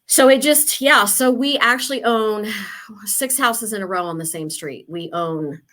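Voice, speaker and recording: A woman's voice: fairly high pitch, measured pace, sharp tone. A woman in her fifties from Ohio, a real estate agent telling her story in a chatty, casual interview. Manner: chatty, storytelling with quoted asides.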